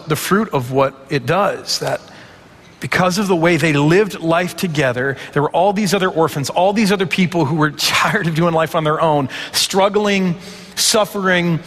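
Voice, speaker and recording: A man's voice: fairly high pitch, fairly bright tone, breathy edge, in a large hall. A man preaching a conversational sermon, asking rhetorical questions and acting out imagined reactions. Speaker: pastor.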